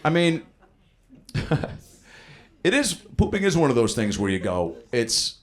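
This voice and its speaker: This time the thirties-aged stand-up speaks at medium pitch and an unhurried pace, improvising loose, profane stories with lively voiced quotes and playing to the crowd. The club recording is live, with the audience laughing.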